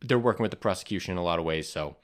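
A man's voice: low voice, very fast. A man hosting a podcast, going over the week's news in casual chat and reading from notes with frequent ums and restarts. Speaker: podcast host.

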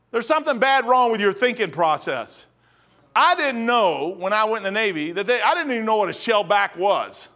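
A man's voice: sits high, animated, a little fast, bright, forceful tone. A man preaching a sermon in a folksy, rambling storytelling manner, acting out the voices of the people in his stories.

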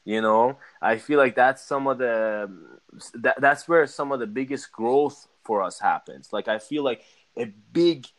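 A man, a musician being interviewed, telling a personal story in a casual, animated way and acting out his own reactions. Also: medium pitch, measured pace. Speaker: guest, musician.

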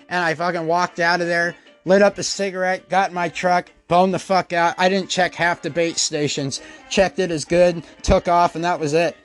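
Profane, high-voiced man telling stories. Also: normal speed, few pauses, soft background music. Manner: profane, rambling and animated. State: out of breath. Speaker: podcast host. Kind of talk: casual storytelling monologue.

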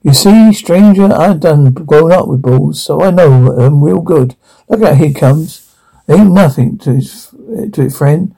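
An unflappable country hillbilly drawls, plainspoken and folksy in the style of an old sitcom. His voice sits a touch high, with a gravelly crackle and a mellow, dark tone. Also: a little slow, exaggerated voice. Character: easygoing rural hillbilly man, plainspoken and unflappable.

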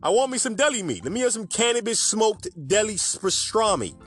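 A man puts on an excited deli customer from the city, pushing his voice high and bright. The tone is eager and a bit silly, a quick comic aside in a casual podcast. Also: faint music behind. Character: excited male New York deli customer.

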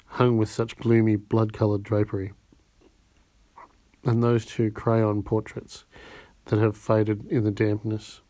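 A man reading a classic novel aloud in a measured way, with small slips and restarts. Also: on the low side, monotone, mellow, no room sound. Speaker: audiobook reader.

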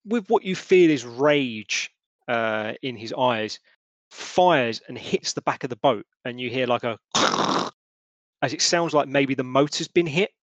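A man narrating as game master of a tabletop role-playing game, halting and full of restarts. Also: medium pitch, animated, no room sound. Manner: halting, lots of restarts and fillers.

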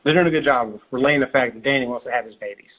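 A podcast co-host recaps a show casually, talking animatedly in rapid-fire bursts and acting out character voices. His mid-range voice comes through with a tinny, phone-like sound and a little hiss or hum.

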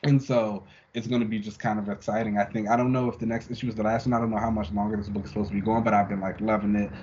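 A man co-hosting a casual podcast, reviewing comic issues in a relaxed, rambling way full of fillers. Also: on the low side, racing, lo-fi sound, slight background noise. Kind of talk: casual chat.

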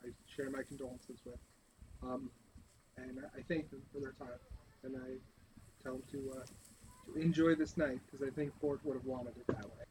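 A man playing a tabletop game, speaking in a halting way that repeats words. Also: mid-range voice, little pitch movement, background noise. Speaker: player. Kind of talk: casual tabletop play.

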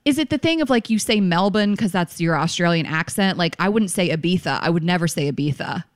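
A woman's voice: lowish voice, lively intonation, fast talker, dry recording, studio quality. A woman co-hosting a podcast, chatting casually and giggling between ad reads. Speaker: podcast co-host. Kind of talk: casual chat and read ads.

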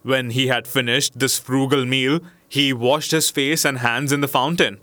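A man narrating a classic storybook in a measured, expressive way. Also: mid-range voice, dry recording.

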